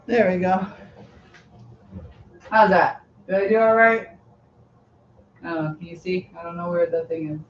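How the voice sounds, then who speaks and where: A woman's voice: on the low side, flat delivery, measured pace, long pauses, lo-fi sound, slight background noise. A woman hosting a casual live-stream chat, answering viewers as she braids her hair.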